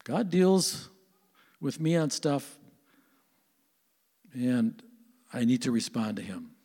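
A man's voice: medium pitch, big pitch swings, takes it slowly, dark tone, slightly rough, in a large hall. An older man preaching a sermon as pastor, earnest and conversational, asking his listeners questions.

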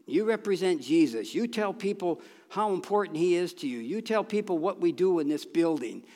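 A man's voice: sits high, expressive, normal speed, darkish tone. Folksy preacher man in an echoing hall. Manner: folksy and conversational, with restarts and bursts of emphasis. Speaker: pastor. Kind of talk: sermon. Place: church sanctuary. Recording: long reverb of a church hall.

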